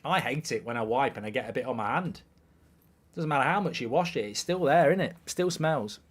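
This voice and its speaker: A man's voice: medium pitch, animated, fairly quick, slightly rough. A man hosting a live football watchalong, chatting crudely and jokingly, reading out viewer messages and scores.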